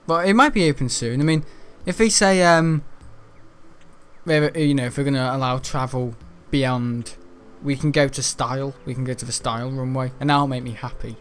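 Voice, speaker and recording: A man's voice: medium pitch, normal speed. Rambling man gaming. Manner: rambling, chatty, laughs often, excitable outbursts. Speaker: gaming channel host. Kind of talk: casual gameplay commentary.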